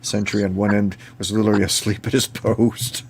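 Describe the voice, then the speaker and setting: A host with a fairly low voice recounts long, rambling stories, slipping into the voices of the people in them. A faint hiss sits under the recording. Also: male voice, little pitch movement, moderate pace. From Ontario, Canada. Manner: rambling anecdotes with laughs and acted-out dialogue. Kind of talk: casual storytelling chat.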